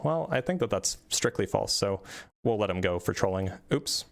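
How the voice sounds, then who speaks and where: Hosting a live debate stream, he speaks quickly and casually, frequently starting sentences over and poking fun at himself. The voice is lowish, animated and creaky.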